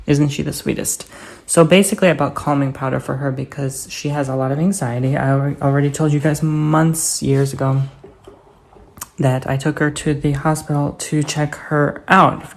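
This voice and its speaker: A man vlogging casually at home, chatting to the viewer and cooing at his pets in baby talk. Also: fairly high pitch. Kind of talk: casual follow-me-around vlog. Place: indoors at home, office area.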